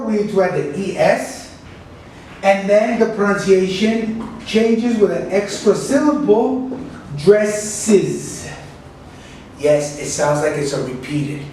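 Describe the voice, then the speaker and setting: A man teaching a pronunciation lesson, speaking slowly and carefully and repeating each word for practice. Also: high voice, lively intonation, a little mellow, slight background noise. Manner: slow, careful, repeats words for drilling. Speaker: English teacher. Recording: echoey room, mic at a distance.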